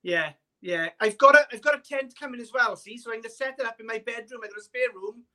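A man's voice: very high-pitched, fast talker, sharp tone. A Welsh man calling in to a podcast, talking casually in a rambling, hesitant way full of fillers. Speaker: caller. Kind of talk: casual chat.

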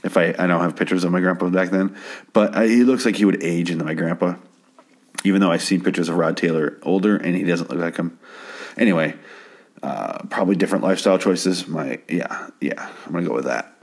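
A man's voice: low-pitched, a little fast. A man casually recapping a TV episode at home, rambling and stammering with plenty of swearing. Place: home at night.

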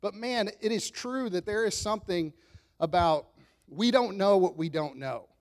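A man in his thirties delivers a sermon in an easy, conversational tone. His voice sits a touch high, and he tells stories with self-deprecating humor and frequent chuckles. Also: lively intonation, moderate pace. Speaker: pastor.

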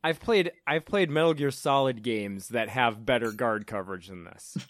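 A man's voice: medium pitch, normal speed, no room sound, clean studio sound. A young adult man co-hosting a podcast, making casual sarcastic jokes with some swearing. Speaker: podcast co-host. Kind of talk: casual recap chat.

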